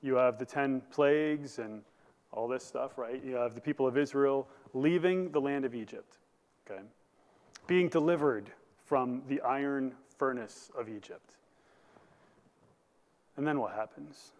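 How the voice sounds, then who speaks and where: A man's voice: medium pitch, a little slow, long pauses, a little mellow. Man preaching in a reverberant church. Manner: preaching with rising bursts of emphasis and questions to the congregation. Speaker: pastor. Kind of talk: sermon. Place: church sanctuary.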